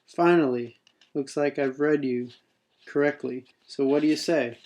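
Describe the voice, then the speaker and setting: A hulking male bounty hunter leader, as a man reads him aloud, barks his words in loud bursts. The tone stays mellow and rather flat in pitch. It sounds like a homemade story reading. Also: unhurried, natural voice. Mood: pleased. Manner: loud blurting outbursts.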